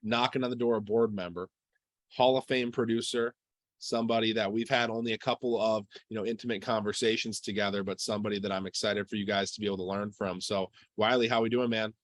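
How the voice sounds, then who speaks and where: A man's voice: on the low side, fairly even intonation, quick pace, dry recording. A man hosting a business video call, welcoming his guest and asking about his story in an upbeat way. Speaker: host.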